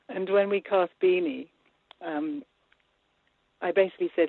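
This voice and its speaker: A woman film director talking in an interview, animated and laughing, with many restarts. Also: medium pitch, slow, creaky, pauses often, no room sound. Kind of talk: interview conversation. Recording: tinny phone-line sound.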